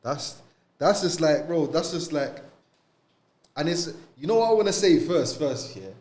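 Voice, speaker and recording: A man's voice: a little high, animated, a little slow, a little mellow. A young man, co-hosting a podcast and talking casually about faith in street slang, often adding "bro" and "you get me". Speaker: podcast co-host. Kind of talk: casual religious discussion.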